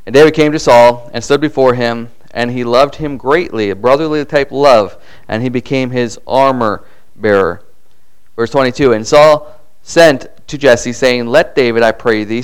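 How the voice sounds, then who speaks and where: A middle-aged man gives a sermon in a church, his voice smooth and clear. He talks in a relaxed, conversational way between the verses he reads, now and then slipping into playful voices for the people in his stories. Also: medium pitch. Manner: conversational, acts out voices in quotes. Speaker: pastor.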